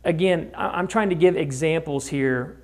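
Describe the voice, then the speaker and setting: A man's voice: on the high side, moderate pace. A man preaching a conversational sermon, often asking his listeners rhetorical questions. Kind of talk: sermon teaching.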